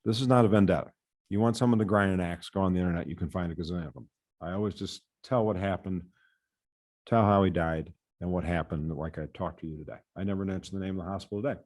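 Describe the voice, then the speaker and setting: A man from the US Midwest with a notably low, slightly mellow voice gives prepared testimony to a committee as a patient safety advocate. He speaks fast and earnestly, often restarting on a repeated word.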